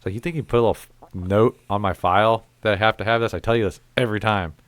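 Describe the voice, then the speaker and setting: A man hosting a casual chat, telling stories in an animated, profane way. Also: lowish voice, fast, no room sound. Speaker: podcast host.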